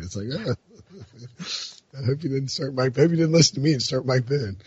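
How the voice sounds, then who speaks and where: A man with a low, gruff voice hosting a casual sports chat, joking and laughing. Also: animated, quick pace, a little mellow, no room sound, muffled recording. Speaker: podcast host.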